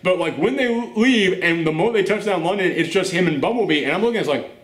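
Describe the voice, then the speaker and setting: A man hosting a casual movie rant, animated and exasperated, swearing and laughing often. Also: high voice, fast. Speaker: host. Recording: roomy echo.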